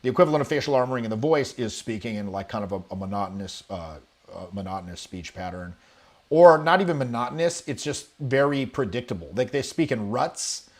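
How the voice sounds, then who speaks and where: A man coaching on charisma straight to camera, speaking in a casual, animated way. He swings up and down in pitch, acts out little examples and drops the odd swear word. His voice sits at an ordinary middle pitch. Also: brisk. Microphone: webcam or camera, video talk.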